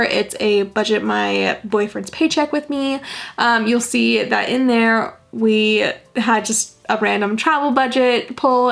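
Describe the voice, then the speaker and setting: A woman's voice: fairly high pitch, creaky. A young woman vlogging casually to camera, bubbly and gushing as she talks budgets and unboxes a package.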